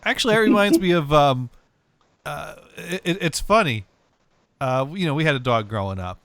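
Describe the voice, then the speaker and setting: A man's voice: a little high, expressive, moderate pace, a bit bright, no echo. A man streaming, reacting to prank calls and telling a story, laughing and rambling casually on a close mic.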